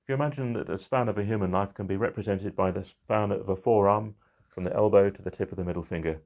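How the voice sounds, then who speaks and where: Middle-aged male minister, deep voice, unhurried reflective delivery. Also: creaky, muffled recording. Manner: measured and reflective, slowing on key phrases. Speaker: church minister. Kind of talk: midweek reflection.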